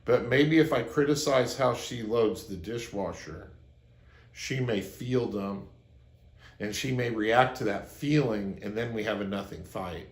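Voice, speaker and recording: A man's voice: lowish voice, measured pace. Earnest man giving relationship advice, roomy sound. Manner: earnest, anecdotal, acts out quoted lines. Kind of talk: advice monologue to camera.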